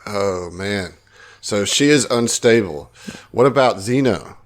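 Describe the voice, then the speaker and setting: A man's voice: lowish voice, lively intonation, takes it slowly. A man running a tabletop game as game master, hyped and casually swearing.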